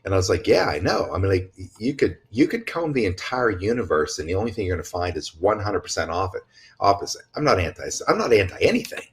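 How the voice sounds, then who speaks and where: A man's voice: sits low, big pitch swings, quick pace. A man talking in a casual podcast conversation, blunt and emphatic, rambling with restarts and swearing freely. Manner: rambling with frequent restarts and asides. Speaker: podcast guest speaker.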